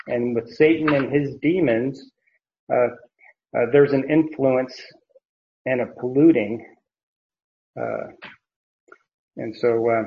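A man teaching a sermon through Bible passages in a measured, hesitant way, pausing often on fillers. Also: medium pitch, lo-fi sound.

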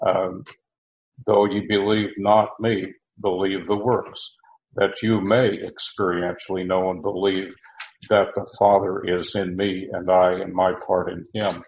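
A man teaching a Bible study, reading verses aloud and explaining them in a halting way, full of fillers and restarts. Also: sits low, level tone, darkish tone. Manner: reads verses aloud, then explains the Greek words. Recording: roomy, dull lo-fi recording.

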